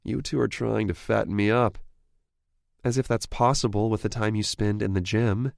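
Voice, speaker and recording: A male audiobook narrator voicing an adult woman who is worried and fiery and swears when angry, lifting his voice slightly higher for her. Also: steady tone, normal speed, vocal fry, dry recording, studio quality. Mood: affectionate.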